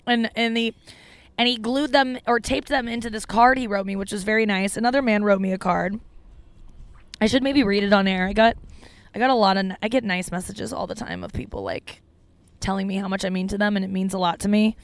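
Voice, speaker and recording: A woman's voice: mid-range voice, brisk, no room sound. Rambling, foul-mouthed woman podcast host. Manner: rambling storytelling with frequent profanity and fillers. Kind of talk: casual comedic podcast chat.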